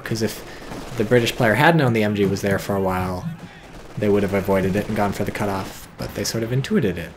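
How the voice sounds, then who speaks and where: Man, video game caster, gravelly voice, excitable and profane, faint noise behind. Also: on the low side. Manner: excitable, profane, wry asides. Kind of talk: casual game commentary.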